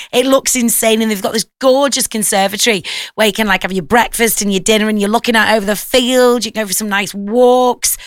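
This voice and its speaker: A woman's voice: a little high, a bit bright, dry recording, clean studio sound. Chatty woman radio presenter. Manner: chatty and upbeat, quick asides. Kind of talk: breakfast radio chat. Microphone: studio microphone.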